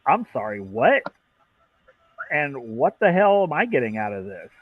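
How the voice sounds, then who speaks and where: A man voicing a young, wiry male mechanic who complains indignantly and fast. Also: mid-range voice, very animated, no echo. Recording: dull dry lo-fi mic.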